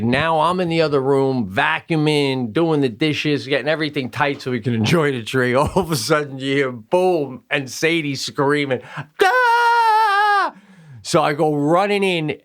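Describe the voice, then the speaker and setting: A man co-hosting a podcast, telling a long, rambling family story with lots of fillers and swearing, and jumping up into loud voices when he acts out quotes. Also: a little high, normal speed, few pauses. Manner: animated, raises voice sharply when acting out quotes. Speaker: podcast co-host. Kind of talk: casual storytelling chat.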